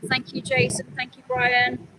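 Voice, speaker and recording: A woman animal rights activist livestreams outdoors, her high-pitched voice monotone and a little slow. She speaks earnestly in live stream commentary, pleading with her chat one moment and scolding it the next. The audio is very noisy.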